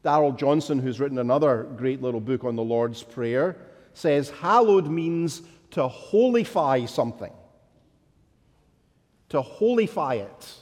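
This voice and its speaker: A man preaching a sermon as a pastor, deliberate and building to emphatic declarations. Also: mid-range voice, lively intonation, darkish tone, in a large hall.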